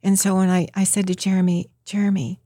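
A woman's voice: mid-range voice, monotone, fast, warm tone, dry recording, studio quality. A middle-aged woman, a mother, earnestly telling a personal story in an interview and acting out what others said. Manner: earnest, acts out quoted voices. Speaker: guest, mother telling her daughter's story.

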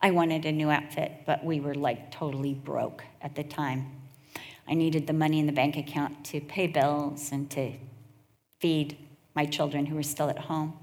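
A middle-aged woman preaching a sermon, earnest and storytelling, with slow drawn-out emphasis. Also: deep voice, flat delivery, darkish tone. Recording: echoey hall.

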